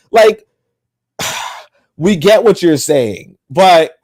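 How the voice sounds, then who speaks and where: A man hosting a podcast livestream, his voice sitting a little high for a man. He rambles and circles back, packs his talk with fillers and curses, and sounds plainly exasperated. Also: animated, unhurried, darkish tone. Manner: exasperated, rambling, swears often, heavy fillers. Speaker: podcast host. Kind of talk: livestream monologue.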